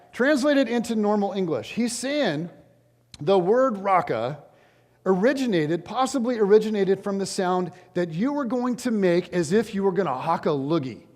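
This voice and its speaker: A man preaching a sermon as pastor, conversational and animated, with jokey asides to the congregation. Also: high voice, normal speed. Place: large church sanctuary. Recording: long hall reverb.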